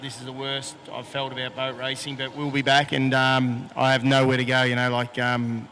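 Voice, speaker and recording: A man's voice: medium pitch, monotone, normal speed, hardly any pauses, fairly bright tone, slight background noise. A man with an Australian accent, a boat racing driver speaking frankly in a post-race interview outdoors on a handheld microphone. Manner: frank, plainspoken.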